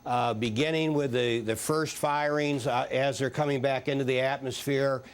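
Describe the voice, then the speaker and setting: A man, a former space agency official, answering questions in a live TV news interview in a measured, hesitant way with frequent fillers. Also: mid-range voice, fairly even intonation, clear, resonant tone.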